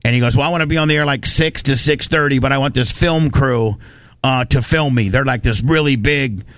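A man hosts a talk radio show, telling his story in a lively, ranting way. His voice sits at a mid pitch. The sound is close and dry, caught on a studio mic. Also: a little fast, dry recording. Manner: animated storytelling, ranting, profane. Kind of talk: casual studio chat.

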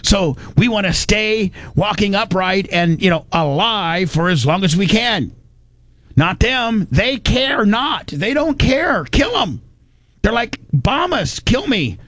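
A man's voice: high-pitched, animated, takes it slowly, a bit bright, dry recording. A male talk radio host, rambling and mocking in casual commentary.

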